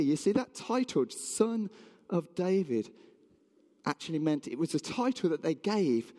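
In a sermon, a high-voiced preacher animatedly recounts a Bible story, performing the voices of the townspeople. A long reverb tail trails his words.

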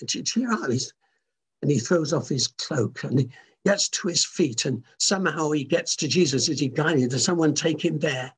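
A man preaching a sermon in an animated, emphatic way, often restarting his words. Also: fairly high pitch, moderate pace, slightly rough.

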